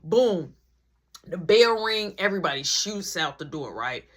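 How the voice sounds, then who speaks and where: A young adult woman telling a story in a storytime vlog, slangy and animated, acting out every part. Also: lowish voice, a little slow.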